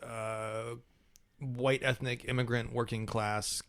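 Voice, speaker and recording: A man speaks in a relaxed Ohio accent, telling stories at an easy, middling pitch. His talk is full of likes and you-knows. He is a guest in a podcast conversation. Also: takes it slowly. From United States. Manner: relaxed storytelling with filler words. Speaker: podcast guest, English professor. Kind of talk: casual interview conversation.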